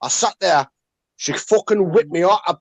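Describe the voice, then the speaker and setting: A man's voice: sits high, moderate pace, no echo. A man joining a live chat, telling a story earnestly and swearing a lot. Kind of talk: casual banter.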